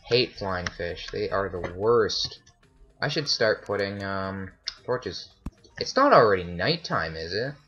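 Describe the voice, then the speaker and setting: Faint music plays behind a man whose low, expressive voice moves slowly over dull-sounding audio as he narrates his own gameplay for a let's play. Easily spooked, he frequently cries out in alarm.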